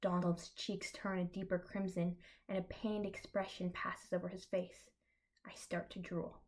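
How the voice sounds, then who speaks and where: A young woman reading her own comic fan fiction aloud, deadpan, breaking off with dry asides. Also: fairly low pitch, a little slow. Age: young adult.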